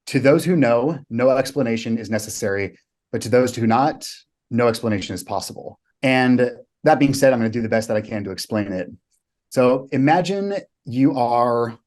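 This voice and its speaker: A man's voice: medium pitch, a little mellow. A man, a guest on a podcast, telling stories vividly and emphatically, with blunt swearing. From United States. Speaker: guest, coach to clients. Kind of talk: storytelling in a podcast interview.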